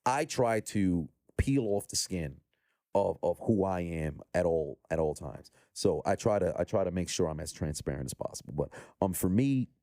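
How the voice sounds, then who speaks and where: A man's voice: deep voice, expressive, normal speed, warm tone, dry recording. A man guesting on a podcast as a content creator, talking in a rambling, easygoing way into a close mic. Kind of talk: casual interview chat.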